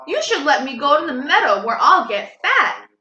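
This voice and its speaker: A woman's voice: sits high, very animated, normal speed, bright, forceful tone, roomy sound, dull audio, exaggerated voice. A woman voicing a small, clever young male goat in a storybook reading, talking his way out of danger. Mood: coaxing.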